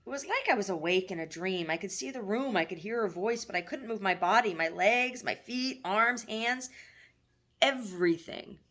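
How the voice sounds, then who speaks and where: A woman's voice: mid-range voice, expressive, moderate pace, a bit bright, voice pushed up. A woman reading as an anxious lovesick young man. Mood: earnest.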